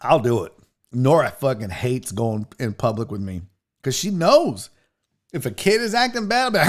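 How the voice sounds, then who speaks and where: A fairly high-pitched man keeps a moderate pace while hosting a casual program. Reading comments from viewers, he rants profanely and comically about what annoys him, telling it all with animated exasperation.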